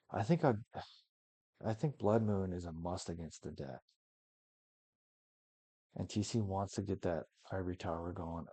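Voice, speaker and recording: Deep gravelly man musing over a match. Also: mellow, no room sound. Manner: musing, thinks aloud with many maybes. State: yawning, tired. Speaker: commentator. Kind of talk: casual match commentary.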